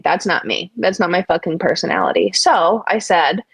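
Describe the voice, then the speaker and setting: A woman with a slightly low voice tells her story in a blunt, profane, casual way, full of fillers like "um" and "you know". Her voice sounds close and dry, with no room echo, as a guest talking on a live stream. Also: normal speed, creaky, breathy edge.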